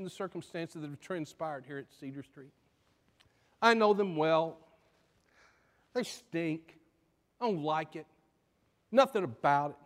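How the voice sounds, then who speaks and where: Emphatic preacher in a reverberant hall. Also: male voice, fairly high pitch. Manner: preaching with rising emphatic bursts. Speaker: pastor. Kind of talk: sermon with a told joke.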